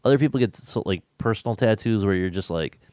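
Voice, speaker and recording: A man co-hosting a casual podcast chat, reacting with quick exclamations. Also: on the low side, expressive, a little mellow, dry recording, clean studio sound.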